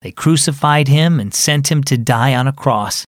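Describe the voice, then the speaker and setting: A man voicing a big, gentle uncle in a children's audio story, speaking earnestly and consolingly to his grieving nephew. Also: mid-range voice, normal speed, no echo, clean studio sound, natural voice. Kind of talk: scripted children's radio drama.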